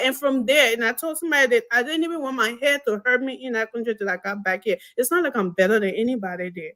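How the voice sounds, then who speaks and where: A young Liberian woman calls into a live political talk show by phone, speaking in an impassioned, emphatic way with many restarts. Her voice sits high, fairly quick, bright and forceful.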